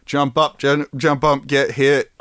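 A man's voice: mid-range voice, fairly even intonation, slow pace, fairly bright tone, dry recording. A man hosting a podcast in casual, joking chat with a friend, laughing often. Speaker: podcast host.

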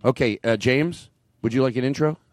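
A man hosting a comedy podcast, teasing and excitable in casual chat. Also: medium pitch, a little fast, no room sound. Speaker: podcast host.

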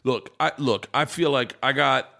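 A man's voice: medium pitch, normal speed, gravelly, pushed and bright. Rambling, profane comedian man telling stories. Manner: rambling, profane, laughs through his own stories; acts out other people's lines in raised voices. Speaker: podcast guest, comedian. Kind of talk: casual storytelling chat.

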